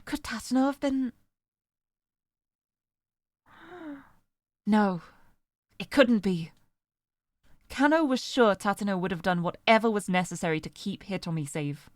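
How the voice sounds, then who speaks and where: Animated woman streamer reading a game. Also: medium pitch, measured pace, long pauses, no room sound. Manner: narrates expressively, breaks off to laugh and comment.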